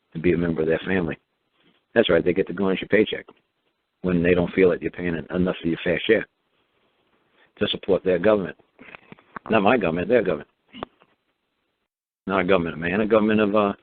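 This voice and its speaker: A man hosting a talk show in a rambling, sarcastic monologue, circling back with repeats and fillers. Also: low voice. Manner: sarcastic, mocking; meandering, with frequent repeats and fillers. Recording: narrow phone-like sound, dry.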